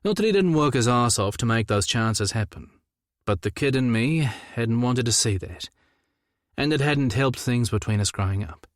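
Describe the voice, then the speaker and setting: A man's voice: mid-range voice, animated, moderate pace, dry recording. A young adult man narrating a novel in the first person, with a wry, dry storytelling manner. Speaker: audiobook narrator.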